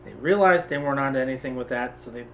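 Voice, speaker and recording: An American man co-hosting a casual movie chat. He talks in an animated, opinionated way and keeps jumping into quick asides. A faint hiss sits under his voice. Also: medium pitch, lo-fi sound. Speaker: podcast co-host.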